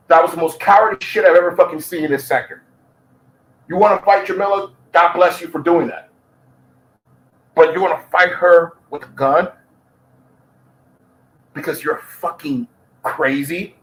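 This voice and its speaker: A man's voice: fairly high pitch, fairly bright tone, low-quality recording. A man giving heated commentary, swearing constantly and repeating his points. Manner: profane, heated, repetitive. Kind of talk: ranting commentary.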